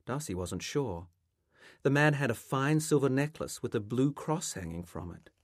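A male author reading a passage of his literary novel aloud in a measured, expressive way, close to the microphone. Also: mid-range voice, dry recording.

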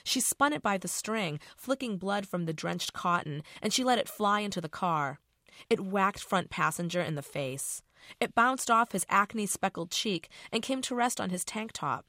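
A woman's voice: medium pitch, lively intonation, normal speed, bright, forceful tone, dry recording, clean studio sound. A middle-aged woman author reading her novel aloud in a casual, profane first-person voice.

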